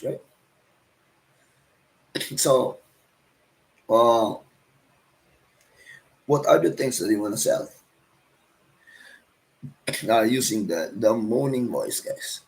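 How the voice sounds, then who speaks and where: A man's voice: medium pitch, rough recording. A man with a Cebuano Filipino accent, a street vendor explaining his selling calls to viewers in a casual way, often asking "right?". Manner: ends sentences with "right?" and "guys".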